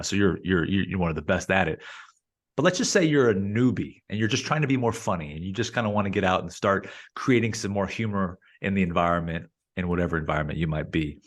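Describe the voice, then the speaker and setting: A man's voice: fairly low pitch, a bit bright. A male interview host who asks long, rambling questions full of restarts and repeated words.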